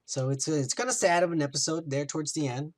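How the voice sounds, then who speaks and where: A man's voice: a little high, fast. A man hosting a podcast, animatedly retelling a TV episode with plenty of swearing and acted-out quotes. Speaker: podcast host. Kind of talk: casual recap chat.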